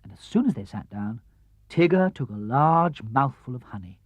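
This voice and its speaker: A man reading a children's storybook aloud in an expressive, lively way, on an old studio record. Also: moderate pace, no room sound. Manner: lively, expressive, drops low and soft for narration tags. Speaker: audiobook reader. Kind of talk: storybook narration. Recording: dull, dry 1970s LP studio recording.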